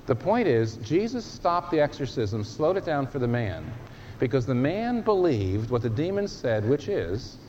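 A man preaching a sermon, emphatic and animated, with dramatic pauses. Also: medium pitch. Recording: dull lo-fi sermon recording, faint noise.

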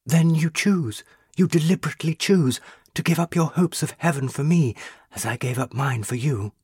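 A man voicing a young female ghost, a burned witch, speaking in a pleading, tender and intense way with a husky voice. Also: fairly high pitch, moderate pace, a little mellow, no echo, clean studio sound, pitched above the performer's own voice.

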